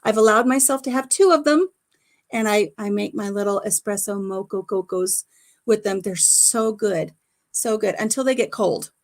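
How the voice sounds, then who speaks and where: Speaking in a mid-range voice at a moderate pace, a middle-aged woman hosts a relaxed livestream from home using her phone. She's chatty, laughing a lot while she relays conversations she's had.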